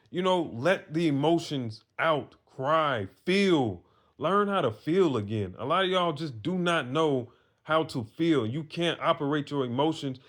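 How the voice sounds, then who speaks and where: A man's voice: fairly high pitch, animated, unhurried, fairly bright tone. A man, telling a personal story in a casual monologue, earnest and preachy, with some swearing. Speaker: vlogger giving advice to men.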